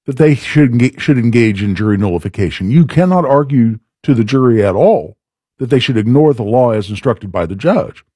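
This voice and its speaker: Man, radio talk host, emphatic, husky, dry sound. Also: medium pitch, mellow, no echo. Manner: conversational, emphatic, explaining legal points. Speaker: radio talk show host and trial lawyer. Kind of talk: radio talk show commentary.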